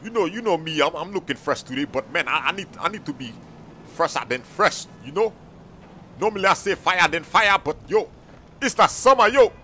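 A young man hosting an improvised game role-play, loud and excitable, talking in slang and calling out to his viewers. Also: a little high, fairly quick, a little hiss or hum. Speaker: channel host.

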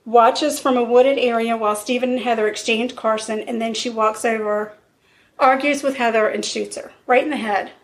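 A woman's voice: on the high side, steady tone, moderate pace. A woman casually recounting a true crime case as a podcast co-host, acting out the quotes of the people involved. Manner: storyteller, acts out quotes with fillers.

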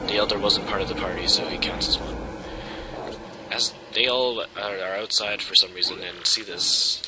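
A man's voice: deep voice, steady tone, normal speed, very noisy. A man giving casual, wry commentary over a video game playthrough. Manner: wry, joking. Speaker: let's play commentator.

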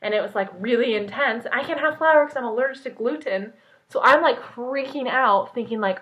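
A young woman vlogging, telling a story in an excited, rambling way full of "like". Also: fairly high pitch, a little fast. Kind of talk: casual storytelling vlog. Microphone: point-and-shoot camera mic. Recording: dull lo-fi camera audio.

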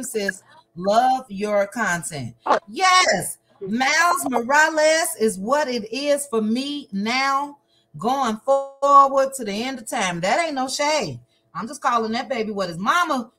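A woman from Chicago hosting a livestream, chatting casually in a lively, playful, slangy way and reading out viewer comments. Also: mid-range voice. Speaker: livestream host.

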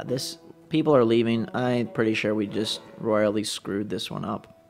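A man's voice: on the low side, steady tone, normal speed, gravelly, darkish tone. A man casually thinking aloud while commenting on a city-building game, unsure of himself and talking to his viewers. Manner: rambling, thinking aloud, self-doubting; talks to the viewers. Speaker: let's play commentator.

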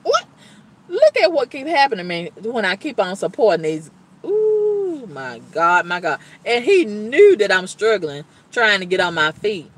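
A woman talks straight to the camera and vents in a long monologue. Her pitch swings widely as she stresses her points. She sounds blunt, exasperated and colloquial, and she repeats her exclamations for effect. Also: husky. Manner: colloquial, blunt talk with cussing. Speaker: vlogger.

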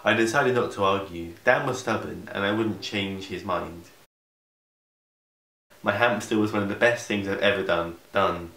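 A man's voice: fairly low pitch, moderate pace, fairly bright tone. Sarcastic young man in an echoey room. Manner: sarcastic, interrupts himself with asides. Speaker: vlogger. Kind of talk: comedic fan fiction reading. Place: room in grandparents' house.

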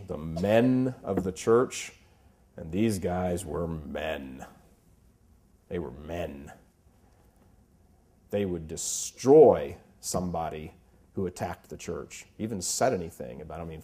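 A man's voice: low-pitched, a little slow, warm tone. A man in his fifties giving an emphatic Catholic talk full of stories. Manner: emphatic, impassioned, storytelling. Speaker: Catholic speaker. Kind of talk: preaching talk with anecdotes.

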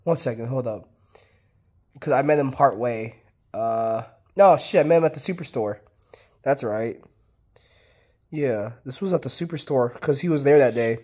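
A hoarse man talking casually through his fireworks collection, rambling and swearing freely. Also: medium pitch, a little mellow. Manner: rambling and profane. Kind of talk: casual chat.

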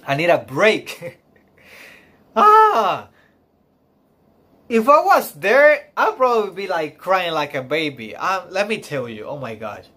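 A man reacting on a live stream, emotional and close to tears, gushing in halting speech full of fillers, sighs and laughs. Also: on the high side, animated, a bit bright, husky.

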